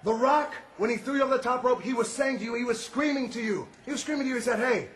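A pro wrestler cutting a boastful, shouting arena promo and referring to himself in the third person. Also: male voice, extremely high pitch, fast talker. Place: large indoor arena. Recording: echoey arena with faint crowd noise.

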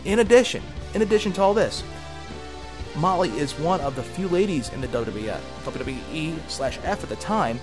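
Male documentary narrator, upbeat scripted read, music bed clear underneath. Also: a little high, expressive, normal speed. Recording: narration over loud music.

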